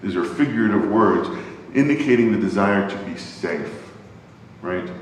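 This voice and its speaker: A man's voice: animated, moderate pace. A man teaching an adult Bible class in a conversational way, often asking the class questions. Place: church classroom. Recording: very echoey hall, far from mic, faint rumble.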